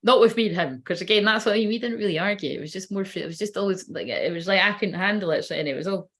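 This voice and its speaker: A woman's voice: medium pitch, very fast. A woman telling a personal story in a casual, rambling way, swearing freely and laughing often. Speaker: spiritual reader.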